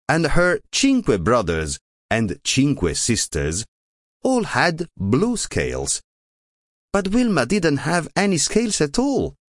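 Slow, animated man reading a storybook. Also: no echo, clean studio sound. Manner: slow, very lively pitch, playful. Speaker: audiobook narrator. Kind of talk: children's storybook narration.

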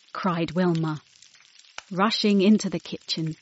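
Slow-reading woman storyteller. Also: fairly low pitch, fairly even intonation, breathy edge, dull audio. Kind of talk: children's storybook read-aloud.

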